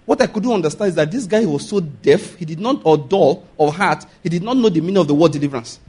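A Nigerian-accented man preaching a sermon, animated, laughing often and asking the congregation if they follow. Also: a little high, quick pace, slightly rough.

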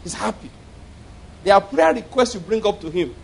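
A male preacher delivers a sermon in a high, bright voice. He is animated and humorous, stopping often to check that his listeners are following. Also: moderate pace, vocal fry, slight background noise. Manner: humorous, animated storytelling, asks the congregation questions.

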